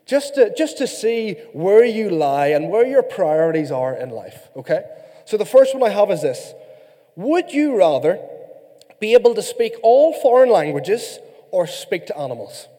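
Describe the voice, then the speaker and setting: A man from Ireland preaching a sermon, animated and playful with his congregation. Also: high-pitched, normal speed. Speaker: pastor. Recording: reverberant hall.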